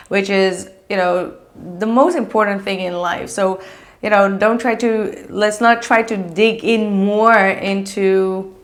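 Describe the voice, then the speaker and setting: A woman giving a casual tarot reading, chatty and gushing, with many fillers. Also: mid-range voice. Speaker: tarot reader.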